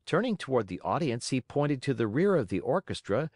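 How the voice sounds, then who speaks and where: A man's voice: medium pitch, sing-song, brisk, a little mellow, no room sound, clean studio sound. A man reading a children's classic aloud as an audiobook narrator, telling the story expressively and voicing its characters. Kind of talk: scripted narration.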